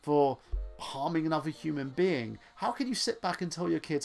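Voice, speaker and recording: A man's voice: on the high side, expressive, moderate pace, gravelly, faint music behind. An English man vlogging, talking earnestly and rambling with many restarts. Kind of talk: casual opinion vlog.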